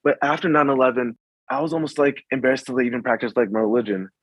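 A young man from the Washington, DC suburbs, a guest in a casual conversation, speaking haltingly and full of fillers and restarts. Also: mid-range voice, fairly even intonation, breathy edge, dry recording, low-quality recording.

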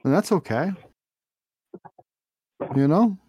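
A man's voice: a little high, animated, slow, dark tone, husky. A man making a prank phone call, mock-earnest and pushy, repeating his questions over and over. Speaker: prank caller.

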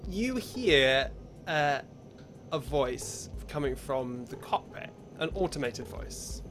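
A man running a tabletop game as game master, narrating scenes in a measured way with fillers. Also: fairly high pitch, animated, a bit bright. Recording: background music bed.

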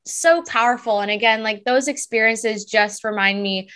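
Effusive higher-voiced woman medium. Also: moderate pace, fairly bright tone, clear, resonant tone. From Southern California. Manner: effusive, emotional, enthusiastic. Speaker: psychic medium, guest. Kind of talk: casual interview.

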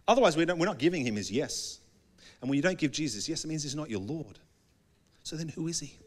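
A man's voice: on the high side, expressive, fast talker. A male pastor preaching a sermon in a conversational way, often acting out small dialogues.

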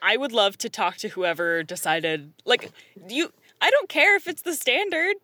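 A woman's voice: fairly high pitch, sing-song, normal speed, background noise. A woman in casual chat, ranting in exasperation and laughing often.

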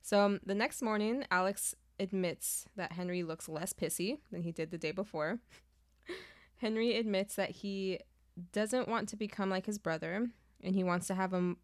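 A woman's voice: on the low side, moderate pace, no room sound. Dry-voiced woman recapping a novel. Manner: emphatic, swears freely, laughs often. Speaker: book podcast co-host. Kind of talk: casual book chat, summarizing the plot.

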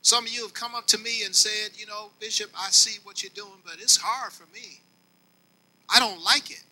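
A man preaching to his congregation as their longtime bishop, swinging between quiet and loud and speaking to them directly. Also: high voice, fairly even intonation, normal speed, low-quality recording. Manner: folksy, talks directly to the congregation. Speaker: pastor. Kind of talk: sermon.

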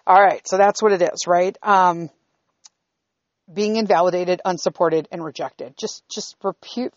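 Speaking in a lowish, creaky voice with no echo, a middle-aged woman vlogger shares a personal story. She's blunt, profane, and candid, frequently checking in with listeners, and the audio is dull and slightly lo-fi.

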